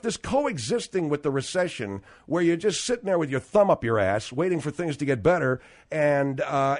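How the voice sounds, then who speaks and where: Blunt cursing talk host guy, lively up-and-down voice, kinda high. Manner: blunt, profane and combative. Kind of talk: ranting talk radio.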